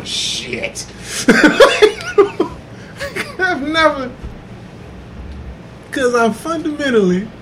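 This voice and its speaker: A man chatting on a podcast, speaking emphatically and laughing between points. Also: pushed and bright. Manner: slow, emphatic, laughing asides. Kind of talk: casual podcast chat. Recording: background rumble and noise.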